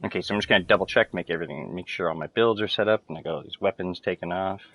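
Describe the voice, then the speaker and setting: With a low, slightly bright voice, this man races through his words as he plays a video game. He's a gamer streaming to friends, talking loosely, packing in filler words and cursing without restraint.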